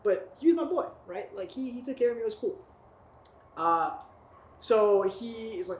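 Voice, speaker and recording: A man's voice: sits high, animated, normal speed, pauses often. A young man telling a long story in casual podcast chat, rambling with lots of restarts and "right?" tags. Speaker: podcast guest. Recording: echoey room with faint noise.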